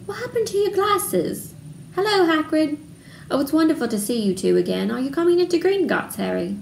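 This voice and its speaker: Eager schoolgirl witch, lady reading, higher and quick, echoey room. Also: sing-song, gravelly, dark tone, heavily acted. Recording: roomy room, faint background noise.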